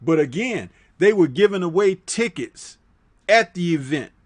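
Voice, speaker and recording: A man's voice: high voice, animated, a little slow. A man guest on a boxing talk show, speaking in an emphatic, lecturing way with rhetorical questions.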